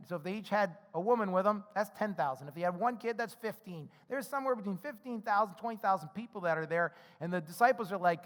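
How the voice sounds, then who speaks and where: A male pastor with a notably high voice delivers a casual, conversational sermon. He keeps acting out the characters' lines and asking "right?" as he goes. His voice rings with a long reverb from a large hall. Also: fast, hardly any pauses. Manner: conversational, acts out the characters' dialogue; frequent tag questions "right?".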